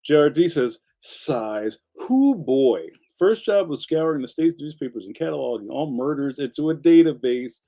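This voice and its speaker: A man's voice: brisk, gravelly, few pauses. Chatty man reading comments. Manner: chatty, laughs often, animated pitch jumps. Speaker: livestream host. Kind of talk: casual chat reading viewer comments.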